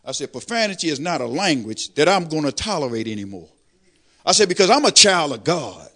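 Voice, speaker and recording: An older man preaching a testimony sermon, animated, swelling louder on praise lines. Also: a little high, brisk. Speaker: lay preacher.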